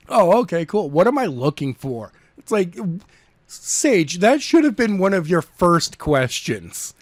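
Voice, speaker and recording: Playful New England man, lively pitch. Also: unhurried, no echo. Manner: playful, laughs often, jokey defensive. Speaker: podcast co-host and reader. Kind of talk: casual banter.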